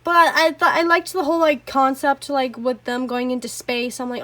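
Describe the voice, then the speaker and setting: A woman's voice: high voice, normal speed, hardly any pauses, a bit bright. A woman reviewing anime in a casual, rambling rant, swearing often, apologizing and laughing between thoughts. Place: home.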